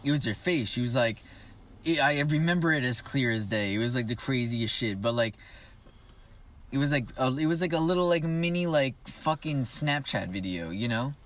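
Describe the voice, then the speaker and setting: A man's voice: mid-range voice, lively intonation, moderate pace, a bit bright. A young man, a podcast co-host, telling a story casually, full of fillers and swearing. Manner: rambling, heavy "like" fillers and swearing. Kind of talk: casual storytelling among friends.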